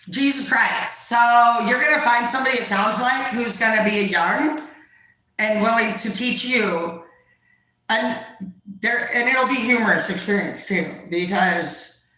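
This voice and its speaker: A woman's voice: medium pitch, sharp tone. A young woman doing a casual tarot reading, blunt, profane and rambling, in an echoey room. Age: young adult. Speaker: tarot reader.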